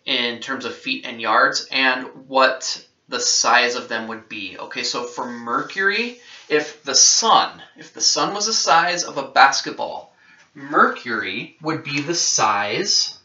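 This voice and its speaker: A male teacher explains things casually in a classroom, pausing to check in with his students and fix his own slips. His voice is bright and forward, but the recording is roomy and set back from the mic, with a dull, muffled top end. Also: medium pitch, lively intonation. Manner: conversational, checks in with "okay?", self-correcting. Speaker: science teacher. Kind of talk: classroom lecture. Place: classroom with whiteboard. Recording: roomy, distant and dull-sounding.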